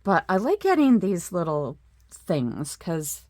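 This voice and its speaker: Slow-talking chatty woman crafter. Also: on the low side, very animated, darkish tone, dry recording, studio quality. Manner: chatty, many fillers, admiring asides. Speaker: craft vlogger. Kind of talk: casual show-and-tell.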